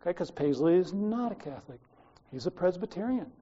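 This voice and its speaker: Preaching in a relaxed storytelling style full of wandering asides, an older Australian man speaks with a dark, mellow voice that is also high-pitched, expressive, slightly rough and a little fast. The audio is lo-fi and a touch muffled.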